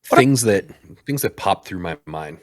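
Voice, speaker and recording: A man's voice: sits low, lively intonation, unhurried, no echo, studio quality. A man co-hosting a casual gaming podcast, chatting playfully and rambling with laughs. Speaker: podcast co-host.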